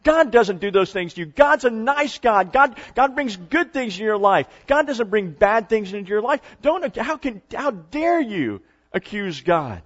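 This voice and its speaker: Indignant churchy townswomen scold someone for speaking ill of the divine, voices raised and clucking, as a preacher puts them on. The recording is dull and lo-fi. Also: male voice, sits high, big pitch swings, unhurried, voice pushed up, full character voice. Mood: scandalized. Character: shocked pious townswomen scolding.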